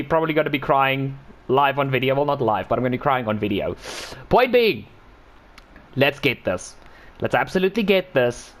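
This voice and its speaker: A man giving excited commentary while he drives laps in a racing game, exclaiming and repeating himself. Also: fairly high pitch. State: talking while driving laps.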